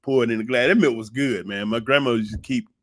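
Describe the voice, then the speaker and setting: A man, telling nostalgic stories about his childhood in a casual, folksy way and laughing often. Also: medium pitch. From Atlanta, Georgia. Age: 60s. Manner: folksy and nostalgic, laughs often, drifts soft and slow when moved. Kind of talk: casual reminiscing storytelling. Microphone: streaming setup mic.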